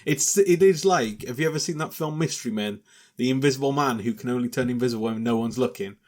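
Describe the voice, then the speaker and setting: A man hosting a podcast in casual chat, relaxed and hesitant with frequent fillers. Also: medium pitch, fast. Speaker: podcast host.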